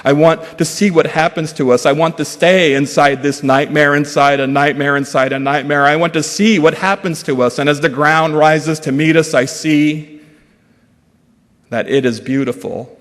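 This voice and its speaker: A man giving a dramatic reading of his own prose as guest speaker. He talks slowly and measuredly and often sinks to a hushed voice. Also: fairly high pitch, steady tone. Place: large event hall at a fundraising breakfast. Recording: long reverb of an event hall.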